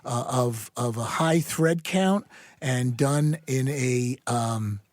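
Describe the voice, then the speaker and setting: Older New man, gruff wisecracker, mid-pitched, dry close sound. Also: slow pace, dry recording. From New York, US. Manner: wisecracking, gruff, swears casually. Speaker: guest, father of the host. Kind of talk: casual chat.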